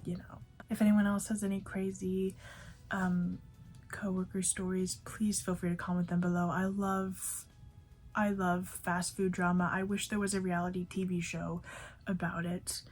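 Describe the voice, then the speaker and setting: A woman's voice: on the low side, little pitch movement, normal speed, darkish tone. A young woman vlogger telling a storytime about a past job, chatty and full of fillers like "like" and "you know". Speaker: fast food worker. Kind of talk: storytime vlog.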